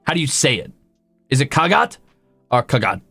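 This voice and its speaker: A man's voice: mid-range voice, fast talker, bright, forceful tone, husky, dry recording, faint music behind. A male streamer chatting casually with his viewers, rambling and poking fun at himself. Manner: rambling, self-deprecating, talks to chat. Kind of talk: casual livestream chat.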